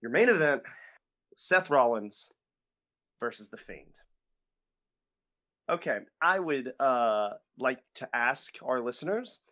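A young man with a mid-range, slightly bright voice co-hosts a podcast. He chats casually and rambles, full of fillers and false starts.

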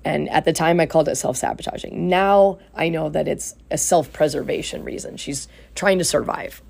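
A woman's voice: deep voice, normal speed, creaky, darkish tone. A woman life coach and podcast host telling a client story in a casual, earnest way. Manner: earnest, retells conversations with acted quotes.

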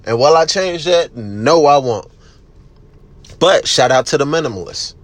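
A man's voice: a little high, animated, measured pace, dry recording. Blunt, profane man ranting on a podcast. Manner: loud at times. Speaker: podcast host. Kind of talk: casual solo podcast monologue.

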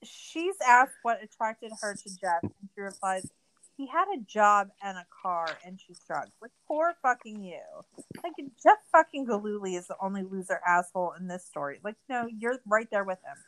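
A woman's voice: medium pitch, animated, moderate pace, poor audio. A woman in her thirties co-hosting a podcast, recapping a documentary in a sarcastic, exasperated rant full of swearing. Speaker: podcast co-host. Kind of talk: casual recap chat.

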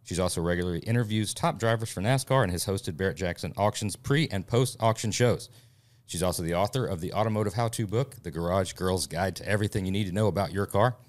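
A man's voice: deep voice, fast talker. A man hosting a podcast, reading a guest introduction and bantering. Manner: reads the intro, then jokes loosely. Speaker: podcast host. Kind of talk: casual podcast chat.

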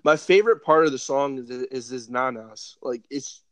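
A man co-hosts a podcast in casual conversation, rambling and swearing freely as his emotions rise. His voice is mid-range at a moderate pace, with no room sound.

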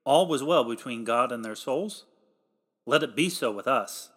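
A man's voice: medium pitch, lively intonation, unhurried, husky. Emphatic formal male preacher. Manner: emphatic, swells louder on exhortations; old-fashioned formal pulpit diction. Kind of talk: read sermon.

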